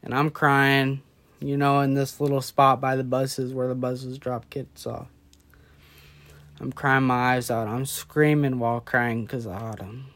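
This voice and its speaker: A tipsy young man talks in a loose, rambling way, losing his thread and circling back. His voice sits at an ordinary middle pitch for a man. It sounds like casual late-night chat. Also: flat delivery, measured pace, a bit bright. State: drunk.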